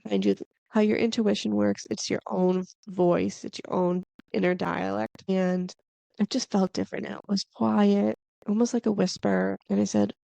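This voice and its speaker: A woman's voice: medium pitch, little pitch movement, normal speed, vocal fry, mellow, no room sound. Woman rambling casually on her podcast, lots of like and kinda, dry close sound. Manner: chatty, meandering, with fillers like "like" and "kinda". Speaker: podcast host. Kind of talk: casual spiritual podcast monologue.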